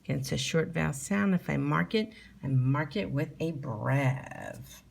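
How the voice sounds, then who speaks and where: A middle-aged woman teaches young children to spell from home, speaking slowly and patiently as she sounds out each letter. Her voice sits low with a gravelly edge. She repeats words and breaks them into sounds for little learners. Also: a little hiss or hum.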